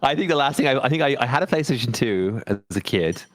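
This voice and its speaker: A man's voice: medium pitch, lively intonation, fast talker, fairly bright tone, no echo, studio quality. A man chatting casually on a podcast in a laid-back, self-mocking way, laughing often and swearing freely. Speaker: podcast co-host. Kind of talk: casual chat.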